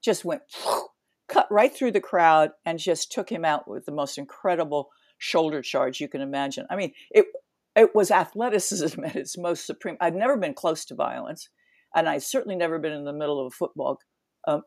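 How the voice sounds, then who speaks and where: A woman's voice: deep voice, normal speed, darkish tone, no room sound, clean studio sound. A woman in her seventies, an interview guest, telling a story vividly, acting out scenes with sound effects and many restarts. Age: 70s.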